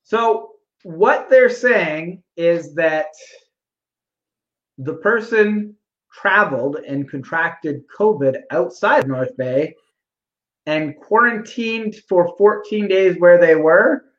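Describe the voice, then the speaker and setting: A man's voice: high voice, slow, fairly bright tone. A man in casual podcast chat, skeptical and profane, laughing often. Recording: echoey, dull-sounding mic.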